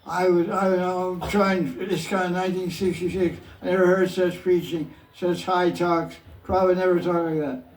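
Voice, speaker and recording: A man's voice: high-pitched, flat delivery, moderate pace, hardly any pauses. An older man leading a spiritual question-and-answer talk, joking with playful asides and chuckles. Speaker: spiritual teacher. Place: hall with devotees. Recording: echoey room from far off.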